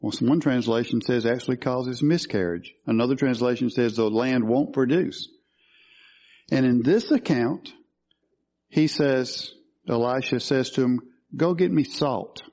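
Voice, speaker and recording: A man's voice: mid-range voice, measured pace, a little mellow, highs cut off. A man preaching a sermon, teaching through scripture and asking questions of his listeners. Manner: teaching, asks questions of the congregation.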